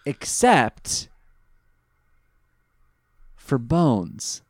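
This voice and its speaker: A male podcast co-host casually recapping an episode, jokey and animated, with quick asides. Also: mid-range voice, dry recording, clean studio sound.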